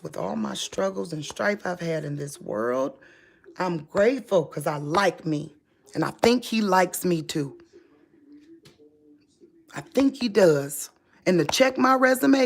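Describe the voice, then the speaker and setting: A woman giving an unscripted spiritual monologue to her viewers in an impassioned, preachy way, speaking straight to them. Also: fairly low pitch. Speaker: religious vlogger.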